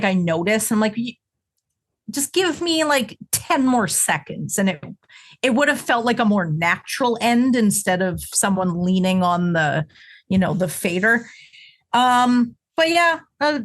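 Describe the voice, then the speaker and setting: A woman's voice: on the high side, moderate pace. A young woman co-hosting a music podcast, chatting casually and giving blunt, matter-of-fact opinions. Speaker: podcast co-host. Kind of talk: casual chat.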